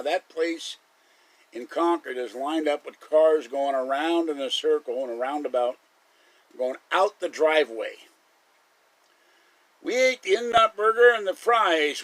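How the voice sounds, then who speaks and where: Brief: talkative male streamer, slightly high pitch, dry close sound, rambling anecdotes with frequent chuckles. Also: no room sound, poor audio. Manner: chatty storyteller, chuckles often. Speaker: live stream host. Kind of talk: casual rambling monologue.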